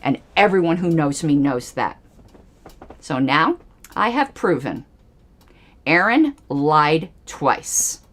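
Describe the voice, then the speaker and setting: A woman's voice: low voice, sing-song, measured pace, long pauses. A woman hosting a livestream, giving angry, emphatic political commentary with pointed repetitions. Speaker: livestream host.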